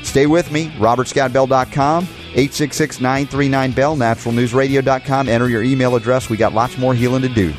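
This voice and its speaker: A man's voice: mid-range voice, steady tone, brisk, few pauses, music in the background. A man hosting a talk radio show, delivering an impassioned monologue full of rhetorical questions, into a studio mic.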